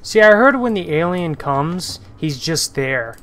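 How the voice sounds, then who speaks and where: A man streaming a horror game, giving loose, profane commentary with sudden shouted outbursts. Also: on the high side, animated, unhurried, background noise. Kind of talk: live gameplay commentary.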